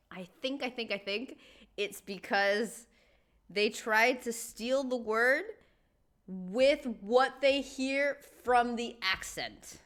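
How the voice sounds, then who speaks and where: A woman's voice: fairly high pitch, sharp tone. A woman hosting a reaction video, chatting casually and animatedly with laughing asides.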